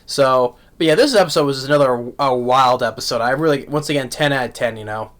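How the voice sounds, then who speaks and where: A man giving a casual spoken anime review, halting with many restarts and repeated words, laughing often. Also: medium pitch, fairly bright tone. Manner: laughs often while talking.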